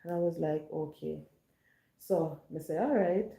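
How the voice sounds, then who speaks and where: A woman's voice: low-pitched, measured pace, gravelly, dark tone. A woman with a Jamaican accent chatting to viewers, telling stories and mixing patois with standard English. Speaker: online chat host. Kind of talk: casual monologue to viewers. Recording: roomy echo.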